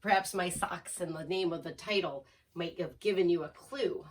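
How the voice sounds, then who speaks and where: A woman reading a picture book aloud to children, expressive and asking listeners questions, heard from a distance. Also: on the low side, moderate pace. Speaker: storyteller.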